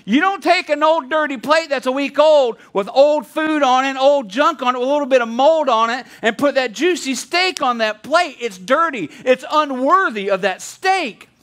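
A man with an unusually high-pitched voice delivers a sermon as a pastor. He preaches in a loose, chatty way, breaking off into asides and restarting his sentences. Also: lively intonation, normal speed, a bit bright.

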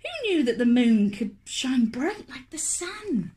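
A woman's voice: fairly high pitch, big pitch swings, a little slow, dark tone. A woman voicing a bold, huffy little girl in a children's storybook, speaking matter-of-factly.

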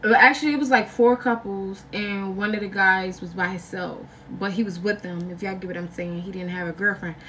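A young woman vlogger telling a story in a casual, slangy, animated way, acting out other people's lines. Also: mid-range voice, fairly quick, few pauses, far from the mic, a little hiss or hum. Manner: animated, slangy, acts out quotes with big jumps in voice.

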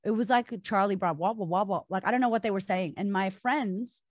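A woman's voice: mid-range voice, brisk, dry recording. A woman guest on a podcast recounting a personal story candidly, with many filler words.

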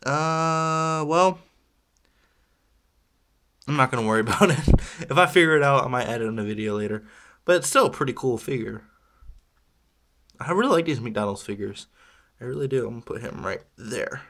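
A man's voice: mid-range voice, expressive, normal speed, long pauses, a bit bright. Male vlogger, mid-range voice, loose rambling chat with self-mocking asides. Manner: rambling, chatty, self-deprecating with small laughs. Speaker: toy unboxing vlogger. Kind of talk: casual unboxing chat.

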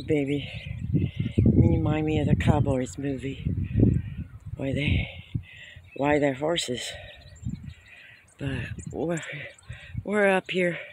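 A man vlogging casually while hiking up a steep hill, excited and out of breath. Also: on the high side. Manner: excited, exclaiming often. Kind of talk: casual walking vlog. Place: outdoors on a steep hillside. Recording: outdoor wind and ambient noise. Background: birds and open-air noise.

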